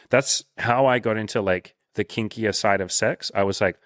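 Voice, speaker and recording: Animated, swearing man with a low voice. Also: normal speed, hardly any pauses, dry recording, clean studio sound. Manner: animated, swears freely, acts out quoted dialogue. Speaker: dating coach and host. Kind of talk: casual coaching interview.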